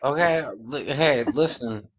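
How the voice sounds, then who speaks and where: Rambling tipsy man, mid pitch. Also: slow. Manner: rambling, apologetic. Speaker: live stream guest. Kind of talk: casual chat.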